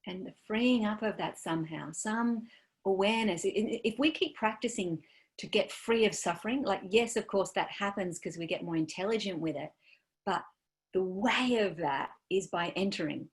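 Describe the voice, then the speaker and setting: A woman giving a dharma talk as a meditation teacher, gentle and searching, trailing off softly with many fillers. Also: medium pitch, moderate pace.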